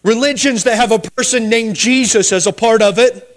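High-voiced emphatic male preacher. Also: moderate pace. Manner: emphatic preaching, rising and dropping sharply for emphasis. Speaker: pastor. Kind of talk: sermon.

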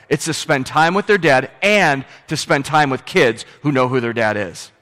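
A man preaching a sermon as pastor, moving from quiet storytelling into loud, emphatic exhortation. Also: medium pitch, animated, a little slow, few pauses, long reverb tail.

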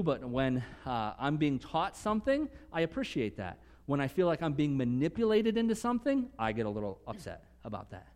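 A man preaching a sermon earnestly, swinging from emphatic conviction to soft, hushed moments. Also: medium pitch, big-room sound. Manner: earnest, rising to emphatic conviction, dropping to soft near-whispers. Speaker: pastor.

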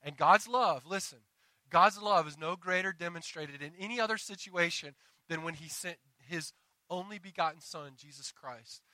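A middle-aged pastor preaching a sermon, building in intensity and asking the congregation for amens. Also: male voice, sits high, normal speed, sharp tone, no room sound, low-quality recording.

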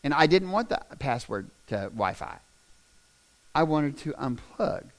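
Male pastor, fairly high gravelly voice, humorous storytelling sermon with loud emphatic peaks. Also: big pitch swings, measured pace.

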